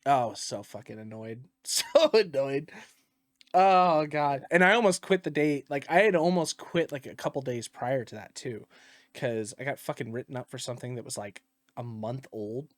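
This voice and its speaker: A man's voice: medium pitch, moderate pace, no echo, studio quality. A man telling stories in a casual podcast, swearing a lot and laughing often. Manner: profane, animated storyteller who laughs often. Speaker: podcast co-host.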